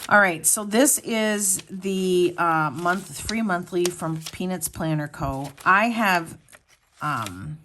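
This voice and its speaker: A middle-aged woman with a notably low voice chats casually with her viewers at home. She rambles from one thing to the next and talks to them as friends. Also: slow, a bit bright, slight background noise. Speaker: planner vlogger. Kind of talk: casual chat.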